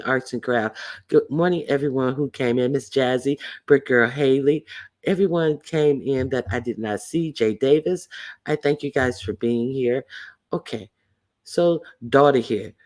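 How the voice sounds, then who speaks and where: A man's voice: mid-range voice, a little mellow. A man hosting a livestream, giving blunt, sassy gossip commentary and greeting chat viewers between remarks. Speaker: livestream host.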